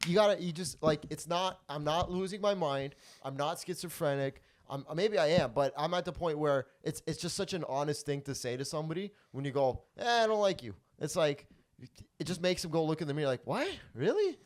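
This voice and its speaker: A man hosting a comedy podcast in casual chat, acting out quoted lines with lively swings in loudness. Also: on the high side, brisk. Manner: animated, acts out quotes in loud calm voices. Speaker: podcast host.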